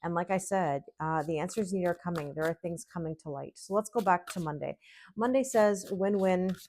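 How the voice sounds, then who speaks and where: A woman's voice: fairly low pitch, a little fast, darkish tone, slight background noise. A middle-aged woman giving a casual tarot reading, chatty and reassuring, often checking in with the listener. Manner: chatty, reassuring, often asks "okay?" and "right?". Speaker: tarot reader.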